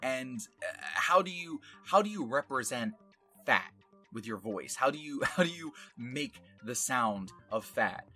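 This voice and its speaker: With faint music in the background, a voice actor chats about his work in an unhurried, rambling way, laughing at his own remarks and padding with fillers. His mid-range voice is bright, forceful and lively in intonation.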